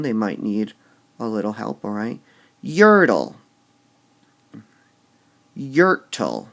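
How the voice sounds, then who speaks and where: A man teaching poetic meter in a recorded lesson, slowly sounding out syllables and muttering to himself as he marks the stresses. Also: fairly low pitch. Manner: slow and deliberate, sounding out stressed syllables, drops to a mutter when writing.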